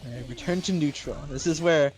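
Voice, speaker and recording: At a fighting game tournament, a male esports commentator calls the play-by-play in a fairly high, slightly mellow voice at a moderate pace. He analyzes the plays and picks up speed when explaining them, with faint music in the background.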